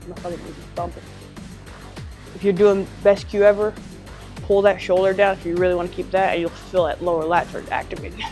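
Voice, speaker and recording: A woman's voice: on the low side, level tone, moderate pace, pauses often, over music. A young woman bodybuilder chatting in a gym vlog, rambling with lots of "like" and "bro" and free swearing. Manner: rambling, swears freely, says "like" and "bro" often. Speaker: bodybuilder vlogger. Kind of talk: casual gym vlog chat.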